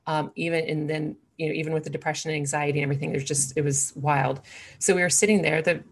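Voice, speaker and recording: A woman in her forties with a low voice and a gravelly, creaky edge. She is a guest in a conversation, telling her own story candidly and earnestly. She circles back, restarts sentences and fills pauses as she goes. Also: steady tone. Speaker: interview guest.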